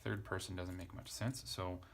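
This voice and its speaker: A man's voice: deep voice, little pitch movement, normal speed, gravelly, slight background noise. A man teaching a casual lesson, thinking aloud as he spells out letters and parses a text. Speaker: Greek teacher.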